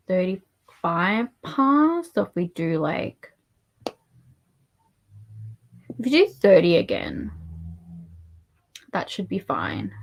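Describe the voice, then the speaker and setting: Australian woman, livestream host, chatty and soft-spoken, voice rises and falls a lot, slips into near-whispers. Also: on the low side. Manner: soft-spoken, rambling, often dropping to a murmur. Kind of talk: casual livestream chat.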